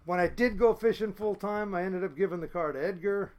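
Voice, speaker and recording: High-voiced man telling rambling stories. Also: brisk, a little mellow. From United States. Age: 50s. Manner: rambling, blunt, salty, with many fillers. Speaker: podcast guest, fishing boat captain. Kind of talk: casual storytelling.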